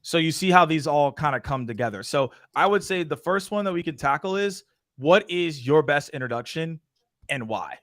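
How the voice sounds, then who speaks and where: A man's voice: on the high side, animated, normal speed, fairly bright tone, dry recording, studio quality. A man hosting a casual show, moderating questions in an upbeat way. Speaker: podcast host. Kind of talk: casual chat.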